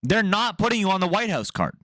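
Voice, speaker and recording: A man's voice: sits high, a little fast, no room sound, clean studio sound. A young man hosting an MMA news channel, giving blunt, profane, opinionated commentary in a casual rant. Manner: blunt, profane, animated ranting.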